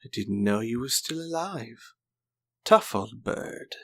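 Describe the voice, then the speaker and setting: A man's voice: mid-range voice, very animated, slow. A man voicing a sly older male swordsman who mocks and taunts with false politeness. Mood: mocking. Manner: sneering, condescending, mock-polite.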